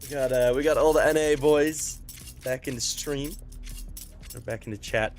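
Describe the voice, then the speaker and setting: Casting note: man, mid-pitched esports caster, easygoing filler-laden chatter, morning voice, quiet music underneath. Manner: relaxed, filler-heavy chatter during a tech pause. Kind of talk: live esports commentary.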